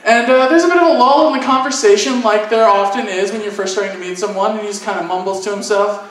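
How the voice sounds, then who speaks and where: A man's voice: high-pitched, fast. A man telling a stand-up story at a convention panel, animatedly acting out the people in it. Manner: animated, acts out voices in anecdotes. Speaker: stand-up comedian. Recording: echoey room from far off.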